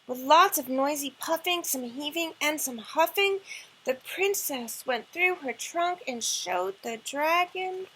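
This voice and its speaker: A woman librarian reading a picture book aloud at storytime in a gentle, expressive way. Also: high voice, takes it slowly, poor audio. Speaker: children's librarian.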